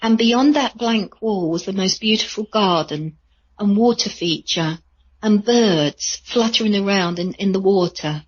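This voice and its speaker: A woman, a psychic medium, telling chatty, rambling stories in a radio interview with a husky voice. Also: mid-range voice, measured pace, dull audio. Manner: chatty, rambling with many fillers.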